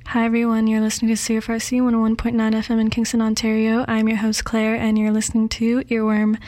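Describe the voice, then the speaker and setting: A woman's voice: a little high, monotone, quick pace, a little mellow. A young woman hosting a campus music radio show, chatting loosely with lots of fillers from a studio. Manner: rambling, loose, with many fillers. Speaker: radio host. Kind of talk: casual music radio chat.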